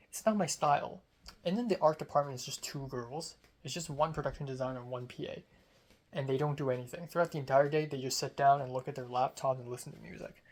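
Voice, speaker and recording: Chatty young adult from Hong Kong. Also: medium pitch. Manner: chatty and candid, heavy use of "like" and "um". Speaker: script supervisor on a student film set. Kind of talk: casual storytelling vlog.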